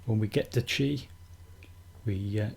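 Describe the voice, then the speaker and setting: A man calmly teaching acupuncture technique in a steady, methodical instructional demonstration. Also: on the low side, measured pace, vocal fry, breathy edge. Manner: calm, steady, methodical explaining.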